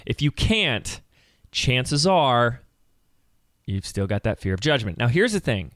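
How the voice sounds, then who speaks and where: A man in his thirties hosting a solo podcast, talking in an energetic, conversational coaching manner. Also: medium pitch, a little slow, no echo, clean studio sound. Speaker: podcast host.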